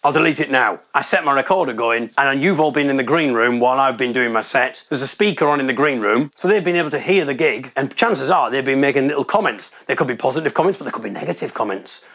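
A man's voice: medium pitch, animated, fast, hardly any pauses, a bit bright. Wry rambling man telling stories. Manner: rambling, wry, self-deprecating. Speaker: comedian. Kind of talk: comic storytelling monologue.

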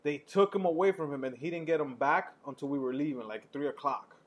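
New guy telling a story on a podcast, kinda high voice, cussing and laughing a lot. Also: brisk. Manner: animated, profane, laughs often. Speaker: podcast co-host. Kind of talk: casual storytelling.

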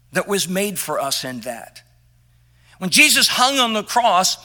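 A man preaching a sermon as pastor, emphatic and impassioned, dropping quiet at tender moments. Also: sits high. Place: church sanctuary.

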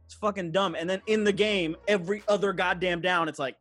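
A man's voice: high voice, fairly even intonation, brisk, over music. A young man in casual sports chat, ranting in a heated, profane way. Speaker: podcast co-host, sports fan.

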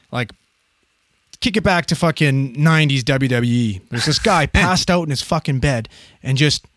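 A man's voice: medium pitch, dry recording, studio quality. A man in his thirties, a paramedic, casually telling a story with lots of swearing and acted-out voices. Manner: profane, animated, acts out quoted voices.

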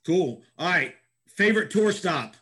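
A man's voice: high voice, animated, measured pace, fairly bright tone. A man hosting a casual interview, reacting briefly and laughing along. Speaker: podcast host.

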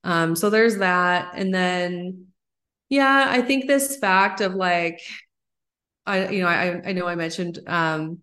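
A woman in her thirties, a psychologist guest on a podcast, explaining ideas in an animated, excited way. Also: lowish voice, slow. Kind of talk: podcast interview.

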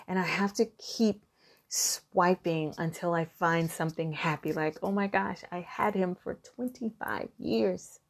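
Woman, middle-aged, lowish voice, earnest, encouraging, self-care advice talk, restarts sentences.

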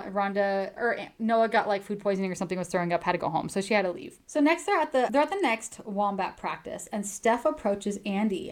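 A woman co-hosting a casual chat, eagerly retelling a book's plot, laughing and acting out the quoted lines. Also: medium pitch. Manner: chatty, laughs often, acts out quoted lines. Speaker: podcast co-host recapping a book.

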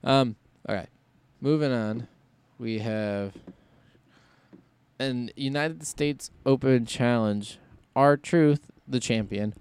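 A man's voice: medium pitch, a little mellow, clean tone, no room sound. A man hosting a solo podcast in casual chat, rambling and thinking aloud as he goes. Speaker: podcast host.

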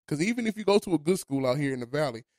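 Talking very fast with lively intonation, this man has a voice on the high side and a darkish tone. He's a Los Angeles studio host in casual podcast conversation, wandering loosely from point to point and often adding "you know what I'm saying." The recording is dry.

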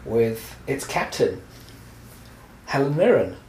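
A man's voice: mid-range voice, sing-song, takes it slowly, a little mellow, reverberant, slight background noise, rough recording. A man co-hosting a casual film podcast, recapping the plot and teasing and correcting his co-host.

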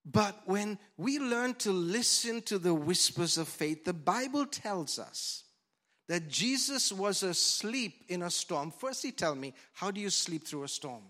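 Male pastor, high voice, bright tone, dynamic sermon delivery, handheld mic. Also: a little slow. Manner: lively preaching with loud shouts and sudden whispers. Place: church hall.

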